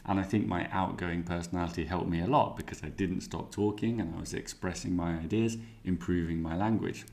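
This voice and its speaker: A man teaching exam speaking skills, explaining clearly and giving worked example answers. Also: low-pitched, steady tone, fairly quick, darkish tone.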